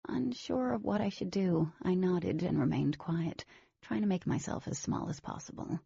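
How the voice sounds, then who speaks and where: A woman's voice: lowish voice, animated, normal speed, gravelly, warm tone, breathy edge, dry recording, muffled recording, heavily acted. A woman narrating a novel as a wary teenage girl, in scripted audiobook style.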